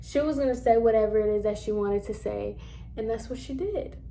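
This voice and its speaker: A woman in her twenties telling a casual story to camera, animated and emphatic as she acts out scenes. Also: fairly high pitch, fairly quick, a little hiss or hum.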